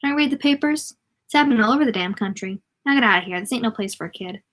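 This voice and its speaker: A woman's voice: on the high side, expressive, fast, a bit bright. A woman voicing a curt, dismissive older male trainmaster in a storybook reading.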